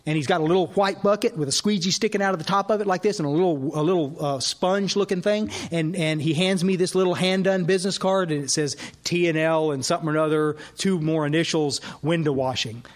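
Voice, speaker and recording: Animated man telling a story. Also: a little high, quick pace, few pauses. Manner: animated storyteller, acts out dialogue. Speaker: AA speaker. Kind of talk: storytelling talk at a recovery workshop. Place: workshop hall.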